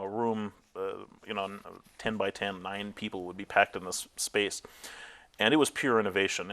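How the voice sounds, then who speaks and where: A middle-aged man in an interview, recalling his career as an animated storyteller who laughs often and acts out what others said. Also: lowish voice. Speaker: interviewee, tech founder. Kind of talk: oral history interview.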